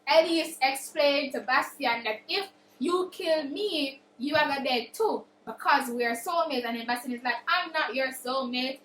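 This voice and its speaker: Retelling a book in a relaxed way, this high-voiced Jamaican reviewer speaks a little slowly but stays animated, giving each character's quotes their own performance. Faint noise and echo fill the room.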